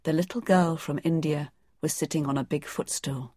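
Brief: woman audiobook narrator, low voice, measured delivery, dry studio sound. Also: gravelly, warm tone, breathy edge, no room sound.

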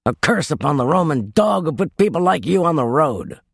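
A hostile innkeeper , put on by a male storyteller, growls his refusals in a raised, strained voice. The delivery is pushed up and outward, harsh and contemptuous. It comes over a husky, dry storybook reading. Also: a little high, sing-song, moderate pace, dry recording, pitched above the performer's own voice, exaggerated voice.

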